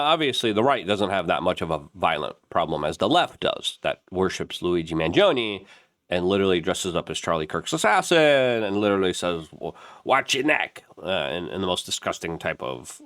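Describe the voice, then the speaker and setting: A man hosting a commentary show, reading an ad in a rambling, animated way with many fillers. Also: deep voice, moderate pace, no echo, clean studio sound. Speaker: host. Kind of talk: casual commentary and ad read.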